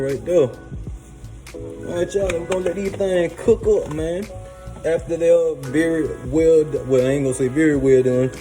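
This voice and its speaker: A man's voice: medium pitch, dark tone, poor audio. A man hosting a casual cooking demo, hyped and slangy, talking straight to his viewers from a kitchen. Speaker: cooking show host. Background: music playing.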